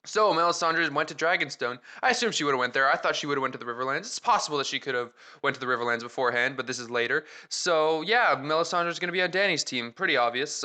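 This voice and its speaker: A young man hosting his own video, giving a casual, enthusiastic breakdown of a trailer full of ums and excited asides. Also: mid-range voice, smooth. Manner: chatty, filler-heavy, enthusiastic. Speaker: video host.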